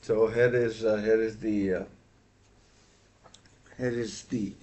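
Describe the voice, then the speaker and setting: A man's voice: lowish voice, flat delivery, slow, warm tone. A man hosting a live football watchalong stream, talking casually with many fillers and self-corrections.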